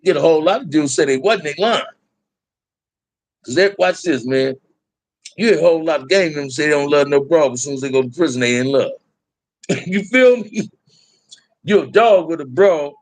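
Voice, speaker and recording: A man's voice: on the high side, fast, dry recording. A middle-aged man telling prison stories in casual talk to a live chat, candid and laid-back, full of street slang.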